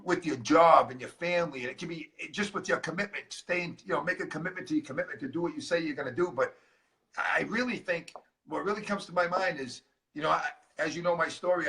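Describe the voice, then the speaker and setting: Fast, bright-voiced man telling a story. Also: on the high side, distant mic, low-quality recording. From Massachusetts. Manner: animated storyteller acting out dialogue. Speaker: guest speaker, transformational coach. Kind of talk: storytelling interview chat.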